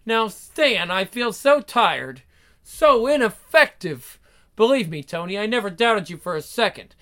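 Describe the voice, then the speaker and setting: A woman's voice: medium pitch, sing-song, measured pace, fairly bright tone. An actress playing a devoted young wife who narrates her story in earnest, emotional 1940s radio acting. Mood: distraught.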